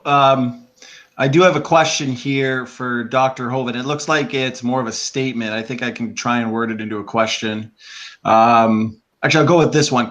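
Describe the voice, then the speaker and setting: A man's voice: mid-range voice, fairly bright tone. A man moderating a debate, reading viewer questions aloud with frequent ums. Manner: halting, reads out viewer questions with fillers.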